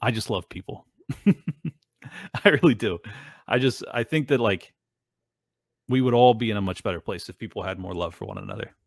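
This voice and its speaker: A man's voice: fairly low pitch, moderate pace, gravelly, long pauses, dry recording. A man hosting his own show, talking earnestly and emotionally to his viewers in a rambling way, with many fillers. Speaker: show host. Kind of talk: casual monologue to viewers.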